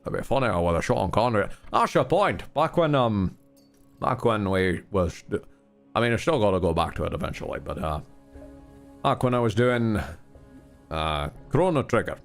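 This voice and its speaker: Animated, swearing male game streamer. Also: lowish voice, moderate pace, creaky, faint music behind. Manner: rambling, swears often, candid asides. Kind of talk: casual live-stream gameplay commentary.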